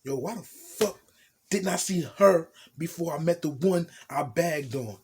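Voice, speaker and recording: A young man from New Jersey casually telling a profane, animated storytime tale in street slang, acting out what people said. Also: fairly high pitch, measured pace, slight background noise.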